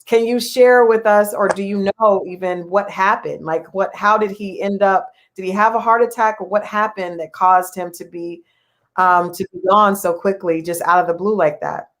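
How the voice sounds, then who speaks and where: A woman's voice: medium pitch, steady tone, normal speed, a bit bright. A woman hosting an interview, asking thoughtful questions with frequent restarts and affirming fillers. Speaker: interview host. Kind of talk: candid interview conversation.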